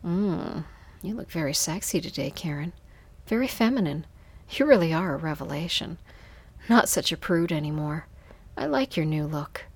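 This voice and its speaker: A woman voicing a smug, domineering male boss who speaks low and seductively. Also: animated, normal speed, slightly rough, full character voice.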